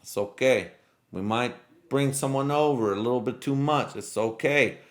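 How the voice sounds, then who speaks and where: A man's voice: medium pitch, normal speed. A man telling a rambling, profane story in a casual vlog monologue, a native Spanish speaker talking in English. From Mexican-American family. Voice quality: profane, rambling, laid-back. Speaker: vlogger.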